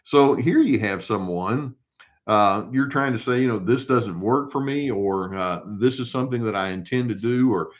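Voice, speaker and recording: An older male therapist giving casual advice, calm and unhurried, who poses rhetorical questions and answers them himself. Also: mid-range voice. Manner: acts out short quoted replies in a mock tone.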